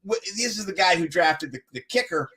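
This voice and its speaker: A man co-hosting a live stream with a high, bright voice that leaps all over the place. He keeps breaking into giggles and talks casually over the clips he plays. It sounds like a simple desk-mic setup. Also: expressive, a little fast. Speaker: podcast co-host.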